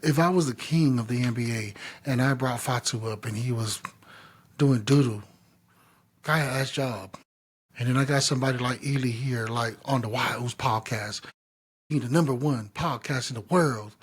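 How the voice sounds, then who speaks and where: A man co-hosting a podcast in casual chat, telling stories in an animated, slangy, profane way. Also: mid-range voice, moderate pace, breathy edge. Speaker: podcast co-host.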